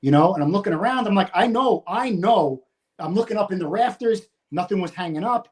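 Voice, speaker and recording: A retired American firefighter in his fifties tells a story in casual conversation, swearing freely and acting out his own shouting. He's profane and animated, with a high voice and a fast delivery.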